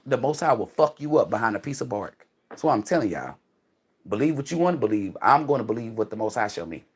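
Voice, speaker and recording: A woman's voice: very deep voice, breathy edge. A woman hosting a casual livestream from outdoors on a phone, talking in a blunt, profane, preachy way. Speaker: livestream host. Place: outdoors among trees.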